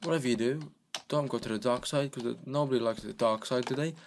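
A man narrating his gameplay in a loose, joking way, often coaxing himself along as he plays. His voice sits at an ordinary middle pitch and comes through a desk microphone, with faint keyboard clicking behind him. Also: fairly quick, background noise. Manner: chatty and joking, talks to himself. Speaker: gaming channel host. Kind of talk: casual gameplay commentary.

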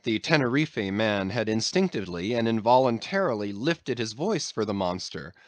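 A man's voice: mid-range voice, no room sound. A man narrating an audiobook with a dramatic storytelling delivery. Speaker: audiobook reader. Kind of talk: scripted narration.

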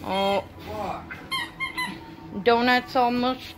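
A woman's voice: a little high, sing-song, drawn-out words, long pauses, noisy background. Young woman cooing at her dog. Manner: coos at her dog in a sing-song pet voice, laughs often. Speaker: dog owner vlogger. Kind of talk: casual home video narration. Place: home, indoors.

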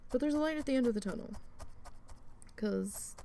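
A woman's voice: on the high side, animated, moderate pace, vocal fry, dark tone. A woman vlogger chatting casually while she needle felts, rambling and venting with free swearing. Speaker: crafting vlogger.

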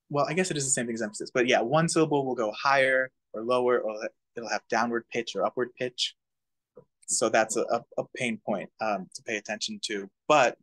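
Relaxed man teaching a casual language class. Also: mid-range voice. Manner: relaxed, chuckling, many fillers, demonstrates pronunciation.

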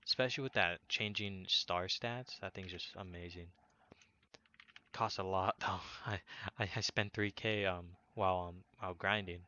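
A man's voice: deep voice, bright, forceful tone. A young man giving casual, rambling gameplay commentary as a gaming video host, upbeat and full of fillers and restarts. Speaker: gaming YouTuber. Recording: dull lo-fi audio.

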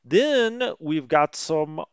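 A man's voice: on the high side, expressive, drawn-out words, clean tone, no echo. A man casually commentating a strategy game stream, chatting with viewers and cracking light jokes. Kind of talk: casual let's play commentary.

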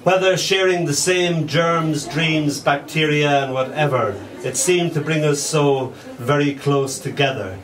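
A man reading his own poems aloud at a live poetry night, slow and deliberate, letting line ends fall soft and quiet. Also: on the high side. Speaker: poet. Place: small poetry venue with an audience. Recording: distant live recording with audience noise. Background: audience laughing and murmuring.

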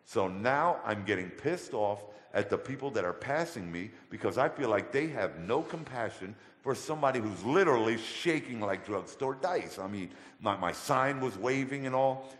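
A man telling his testimony as a guest in a church, colloquial and animated. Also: medium pitch, normal speed, few pauses. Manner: animated, colloquial, acts out voices in his stories. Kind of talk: storytelling testimony. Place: church hall. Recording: echoey church hall with long reverb.

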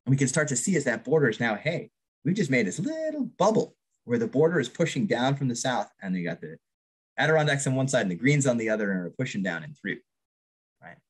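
Fast, sing-song, and slightly rough at medium pitch, a man from Vermont's Northeast Kingdom lectures the public about archaeology. He's full of enthusiasm and frequently asks "right?".

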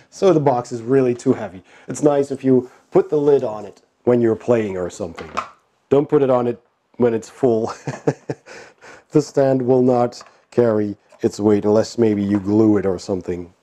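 A man with a cold and a nasal voice, casually commenting while unboxing a board game, with frequent fillers and chuckles. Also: mid-range voice. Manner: relaxed, chuckling, lots of fillers.

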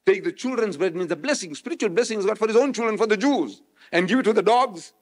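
A man from South Africa giving a public religious lecture, switching between loud rhetorical questions and quiet explanation. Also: high-pitched, expressive, fast. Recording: echoey hall, old remastered recording.

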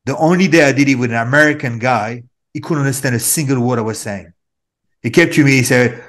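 French guy actor rambling in an interview, lively, stumbles over words a lot. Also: medium pitch, quick pace. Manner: animated, rambling, repeats words. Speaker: actor guest. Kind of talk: casual interview chat.

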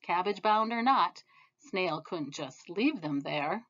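A woman reads a children's picture book aloud, slow and gentle. Her bright voice moves up and down with lively expression, through a slightly muffled, lo-fi recording. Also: fairly low pitch. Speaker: storybook reader. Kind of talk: storybook read-aloud.

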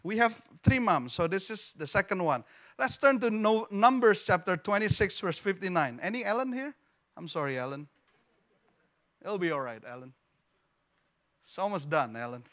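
High-voiced animated male pastor preaching. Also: normal speed, long pauses. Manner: animated, repeats words, jokes with congregation. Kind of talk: sermon. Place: church hall.

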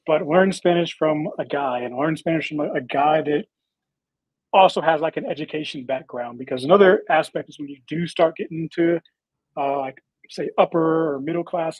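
A man's voice: on the high side, husky, no echo, poor audio. A man chatting casually on a livestream in a laid-back, joking way, reading out viewer comments.

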